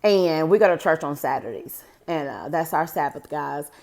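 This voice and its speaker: Chatty woman telling a story, lowish voice. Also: animated, normal speed, a little mellow. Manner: chatty, often calls the viewers "guys", rambling with "so anyway". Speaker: vlogger. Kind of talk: casual storytime to camera.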